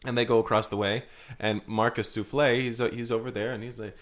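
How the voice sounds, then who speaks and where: Guy cohosting a comedy podcast, rambly, keeps stammering, medium pitch voice. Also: flat delivery. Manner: rambling, stammering retelling with quick put-on voices. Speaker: podcast co-host. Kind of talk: improvised comedy storytelling.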